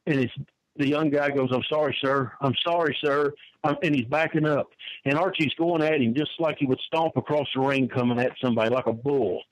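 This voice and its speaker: A man's voice: mid-range voice, steady tone, a little fast, dry recording, dull audio. Older man telling wrestling stories. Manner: folksy, repeats words, laughs between stories. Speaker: wrestling manager guest. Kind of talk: storytelling interview answer.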